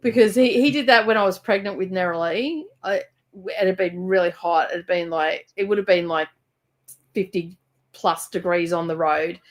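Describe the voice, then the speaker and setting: Animated Australian woman telling stories. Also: lowish voice, normal speed. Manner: animated storyteller, laughs often. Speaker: co-host of a live reading stream. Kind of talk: casual chat. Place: rural home library.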